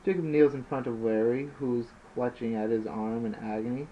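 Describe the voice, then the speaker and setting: A man's voice: mid-range voice, fairly even intonation, moderate pace, few pauses. A man reading his own story aloud as an amateur audiobook narrator, plainly and with occasional slips. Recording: dull lo-fi with faint hiss.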